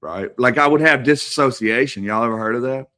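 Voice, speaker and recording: A man's voice: medium pitch, fairly quick, sharp tone. Brash, profane, laughing storyteller man. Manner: profane, rambling, laughs often. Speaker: podcast guest. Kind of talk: casual storytelling.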